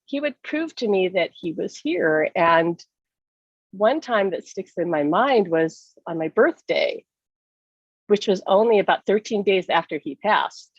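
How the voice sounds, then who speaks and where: A woman's voice: animated, measured pace, husky, dry recording, dull audio. A woman telling an earnest, emotional personal story in a conversation over a video call. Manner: earnest and emotional, pitch leaps up when reliving distress. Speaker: summit speaker.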